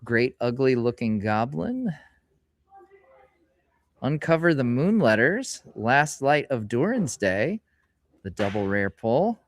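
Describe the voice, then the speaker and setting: A man's voice: mid-range voice, sing-song, dry recording. Chatty man, dry close sound. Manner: chatty and rambling, reads card names aloud in a slowed voice. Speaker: streamer host. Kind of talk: casual live-stream chat while opening card packs. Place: hobby store, indoors.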